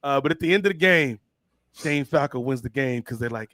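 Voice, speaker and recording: Man, podcast host, casual chat, slangy, animated, dry sound. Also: mid-range voice, fairly quick, no room sound.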